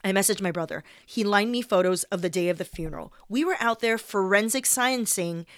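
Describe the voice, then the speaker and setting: A young woman reads her own personal essay aloud, candid and wry, now and then swearing. Her voice sits at a middle pitch. The recording is dry and close, with no room sound. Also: brisk, fairly bright tone, clear, resonant tone, no echo.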